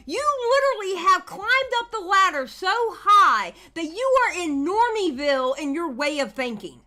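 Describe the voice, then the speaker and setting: A woman's voice: very high voice, very animated, moderate pace, few pauses, sharp tone. Exasperated woman ranting on a livestream. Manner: exasperated, ranting at absent people. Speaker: commentary channel host. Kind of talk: livestream reaction commentary.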